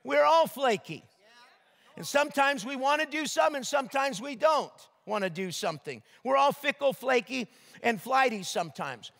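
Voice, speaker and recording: High-voiced older man preaching. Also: moderate pace, creaky, big-room sound. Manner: lively, joking, asks the crowd questions. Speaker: pastor. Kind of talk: sermon. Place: church sanctuary.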